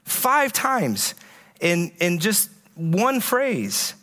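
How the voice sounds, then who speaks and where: A man preaching a conference sermon, telling stories in a conversational, animated way with frequent restarts. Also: sits high, extremely slow. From USA. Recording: echoey hall with long reverb.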